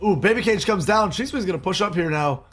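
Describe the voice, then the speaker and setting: A man calling live esports play-by-play, excitable, with quick exclamations and frequent laughs. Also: high voice.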